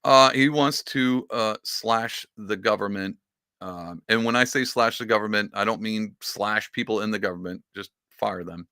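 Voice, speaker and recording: A man hosting a podcast, giving casual political commentary in an excitable, sarcastic rant whose pitch swings up and down. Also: moderate pace, no room sound, clean studio sound. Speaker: podcast host.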